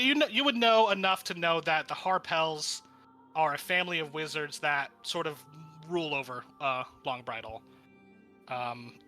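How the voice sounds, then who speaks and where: Man game master, tabletop game, rambling narration, bright, fairly high voice. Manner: rambling, lots of fillers and restarts.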